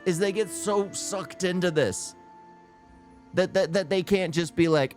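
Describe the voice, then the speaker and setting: A man's voice: fairly high pitch, expressive, unhurried, faint music behind. A man hosting a reaction video, giving rambling, casual commentary and laughing often.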